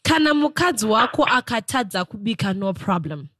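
A woman's voice: medium pitch, sing-song, a little fast, a bit bright, dry recording. A woman co-hosting a casual podcast chat, playful and teasing, laughing often. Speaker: co-host.

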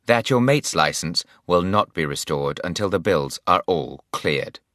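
A man's voice: low voice, expressive, unhurried, a bit bright, dry recording, clean studio sound. A man voicing a curt male court clerk in an audiobook, cold and unapologetic. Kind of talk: audiobook character voice.

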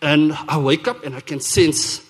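A man's voice: on the high side, moderate pace. Earnest South African man telling his testimony. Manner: earnest, animated storytelling with frequent restarts. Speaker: worship leader giving a testimony. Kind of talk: sermon testimony told as a story. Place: church service.

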